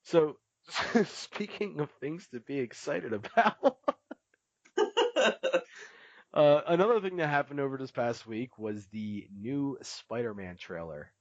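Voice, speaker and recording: A man's voice: medium pitch, lively intonation, slow, no echo. Laughing man retelling a scene, lo-fi. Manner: laughs often while retelling a cartoon scene. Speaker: podcast co-host. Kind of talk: casual chat. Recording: dull lo-fi, dry.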